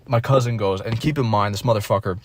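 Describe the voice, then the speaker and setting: A man's voice: on the low side, quick pace, a little hiss or hum. A young man in his twenties ranting casually, profane and rambling, full of bitter complaints and restarts. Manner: bitter and aggrieved. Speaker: streamer. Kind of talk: casual rant.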